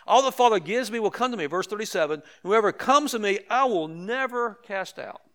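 A man's voice: high voice, animated, a little fast, fairly bright tone. An older man preaching a sermon as pastor, conversational with emphatic repetitions and light asides to the congregation.

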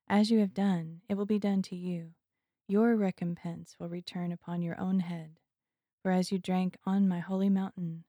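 A woman reads scripture aloud with measured, solemn pacing. Her voice is low and gravelly with a dark tone. The recording is dry and close. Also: no room sound. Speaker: scripture reader. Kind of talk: scripture reading.

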